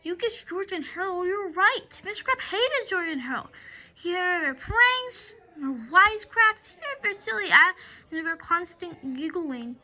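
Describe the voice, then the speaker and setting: Woman reading a children's book aloud, very high, bright tone, animated, with stumbles and restarts. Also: measured pace. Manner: lively storytelling with frequent stumbles and restarts.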